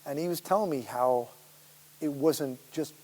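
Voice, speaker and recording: A man who is a guest actor, telling rambling, animated anecdotes at a public Q&A, laughing and swearing as he goes. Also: on the high side, unhurried. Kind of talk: storytelling in a public Q&A. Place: school auditorium. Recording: echoey hall with faint hiss.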